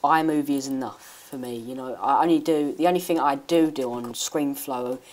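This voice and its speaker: A woman giving a rambling, hesitant software tutorial with many restarts. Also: very deep voice, normal speed. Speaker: tech YouTuber. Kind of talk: screen-recording software tutorial.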